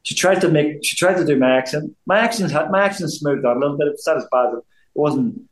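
A man's voice: a little high, fast talker, reverberant, rough recording. A man in his fifties with a Belfast accent, a former boxer chatting as an interview guest, rambling and often restarting his sentences. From Belfast, Northern Ireland. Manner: rambling, repeats himself, frequent restarts. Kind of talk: casual interview chat.

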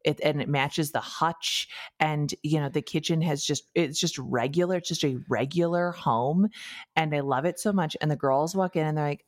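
Low-pitched young female co-host, casual, wry, swears freely. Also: moderate pace. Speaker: podcast co-host. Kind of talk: casual chat.

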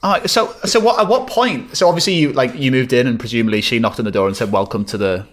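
A man's voice: mid-range voice, fast, slight background noise. A man co-hosting a casual podcast chat, asking curious follow-up questions and laughing along. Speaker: podcast co-host.

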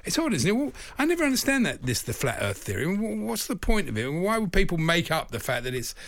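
A man's voice: high-pitched, wildly swooping pitch, quick pace, vocal fry, a bit bright. A man co-hosting a radio show from a studio, reading out news items with wry disbelief. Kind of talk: casual studio chat.

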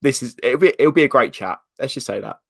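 A man's voice: mid-range voice, fast, creaky, husky, dry recording, studio quality. A man hosting a podcast interview, eager and stumbling over his words. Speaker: podcast host. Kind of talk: casual interview chat.

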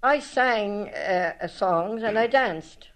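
A woman's voice: medium pitch, slow pace, rough recording. Older Irish woman reminiscing. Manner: rambling, lively, retells past talk with many restarts. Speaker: storyteller recalling her life. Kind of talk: spoken memoir, reminiscing.

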